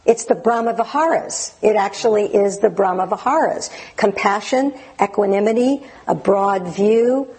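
Gravelly, husky woman giving a dharma talk. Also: medium pitch, rough recording. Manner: gentle, unhurried, with many fillers and restarts. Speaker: meditation teacher.

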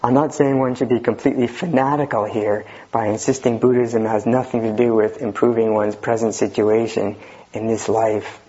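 A man with a husky voice gives a dharma talk in an unhurried way, slipping in dry humor. The recording is dull and lo-fi. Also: mid-range voice, fairly even intonation, dark tone. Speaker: Zen teacher giving a talk. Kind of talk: dharma talk reading and commenting.

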